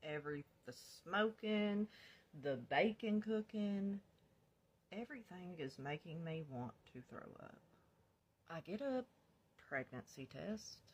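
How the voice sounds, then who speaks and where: A woman's voice: lowish voice, expressive, slow, breathy edge, muffled recording. A woman vlogger telling her own life story in a blunt, confessional storytime, swearing freely. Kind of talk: candid storytime.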